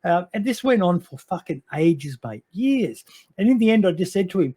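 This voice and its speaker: Higher-voiced man telling casual stories. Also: big pitch swings, normal speed, warm tone, breathy edge. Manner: rambling, sweary, fond storytelling. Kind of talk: casual chat.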